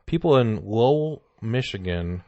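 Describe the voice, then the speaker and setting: A man's voice: mid-range voice, lively intonation, a little slow, no room sound, lo-fi sound. A man hosting a comedy podcast, telling a rambling, joking story full of "like". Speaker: podcast host. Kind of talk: casual comedy chat.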